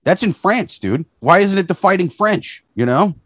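Guy tossing out crude jokes on a podcast, slightly high pitch, dry sound. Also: normal speed, no room sound. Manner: joking, profane, deadpan asides. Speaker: podcast co-host. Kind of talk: casual crude banter.

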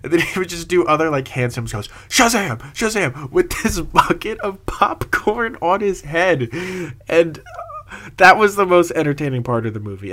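A young man telling a rambling, casual story, laughing often and filling pauses with "uh" and "um". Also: mid-range voice, a bit bright.

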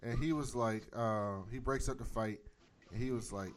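A man in casual chat, recapping a TV episode with animated, profane storytelling. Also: on the low side, quick pace. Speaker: podcast host recapping a TV episode. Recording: noisy with clicks.

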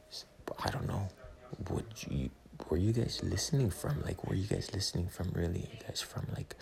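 Podcast host, male, rambling in a hushed whisper, very low creaky voice, recorded in a busy movie theater. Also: background noise. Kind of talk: whispered casual chat. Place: movie theater during a film. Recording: crowded room, movie audio behind. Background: crowd chatter.

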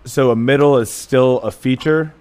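A man's voice: mid-range voice, moderate pace, a little mellow, smooth. A man hosting a casual podcast chat, mostly giving short reactions and asking follow-up questions. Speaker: podcast host.

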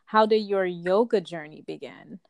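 A woman hosting a podcast interview who responds to her guest in a calm, affirming, reflective way. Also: lowish voice, normal speed, vocal fry, no room sound. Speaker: podcast host.

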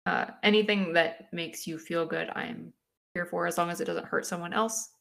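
A woman co-hosting a casual podcast chat, animated and swearing, laughing a lot. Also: on the low side, moderate pace, gravelly. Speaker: podcast co-host.

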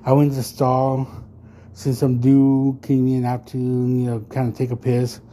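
A man in his thirties telling a story on his podcast in a casual rant. He swears constantly, rambles with lots of fillers and turns loud and heated when he gets worked up. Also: mid-range voice, monotone, a little slow, a little hiss or hum. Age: 30s. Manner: profane, rambling, full of fillers. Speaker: podcast host.

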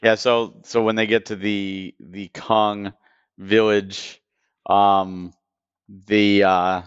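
Male podcast co-host, emotional and chatty; smooth tone, dry, slightly dull recording. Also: lowish voice, level tone, very slow, no echo. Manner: enthusiastic, emotional, repeats words. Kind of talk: casual podcast chat.

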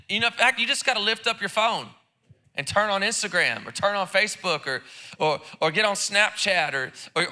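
A man's voice: high voice, pushed and bright. A man preaching a sermon in church, casual and joking, with lots of repeated words and restarts. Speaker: pastor. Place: church service.

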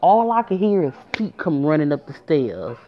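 Woman with a low voice telling a storytime, emotional, talks right to the viewers, muffled audio. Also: sing-song, moderate pace. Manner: emotional, addresses listeners directly. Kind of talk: casual storytime. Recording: muffled lo-fi recording.

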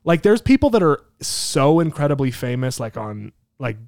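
A young American man talking casually on a podcast, pushing his argument through restarts and repeats. His voice is mid-pitched and recorded close and dry, with no room sound. He speaks as one of the hosts. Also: sing-song, moderate pace, vocal fry, a little mellow, dry recording. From United States. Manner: argumentative, builds his point with many restarts. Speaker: podcast co-host. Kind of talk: casual chat.

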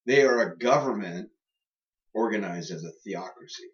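In a muffled, distant lo-fi recording, a podcast co-host with a fairly low, animated voice chats at normal speed. His casual banter pokes fun at faith and government, and he does silly party voices as he jokes.

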